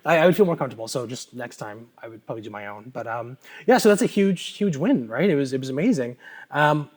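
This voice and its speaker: A man from Canada hosting a casual interview, talking in a relaxed way with plenty of fillers. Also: medium pitch, fast. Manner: relaxed, many fillers like "right" and "um". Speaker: host and councillor.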